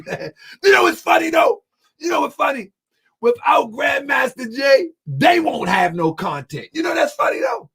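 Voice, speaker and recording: A man hosting a livestream. He talks loudly and with animation, laughs often, and reads out and answers viewer comments. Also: high voice, breathy edge. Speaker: channel host.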